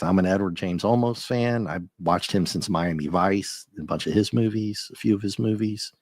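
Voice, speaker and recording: A man hosting a live stream, chatting and ranting casually with viewers, his voice a little rough and often breaking into laughs. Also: fairly low pitch, no room sound. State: slightly rough voice. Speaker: livestream host.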